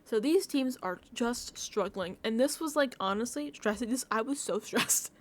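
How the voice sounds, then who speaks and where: A woman vlogger talks through a reality show recap in a casual, emotional way, with lots of "like" and laughter between phrases. Her voice sits a little high and swings widely in pitch. She sounds gushing and heartfelt throughout. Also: animated, normal speed. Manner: effusive, emotional, filler-heavy with frequent "like".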